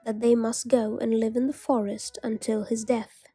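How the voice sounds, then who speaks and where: Woman reading a folk tale aloud, slow and gentle, slightly high voice, breathy. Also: level tone, no echo, faint music behind. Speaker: storyteller. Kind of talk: storybook narration.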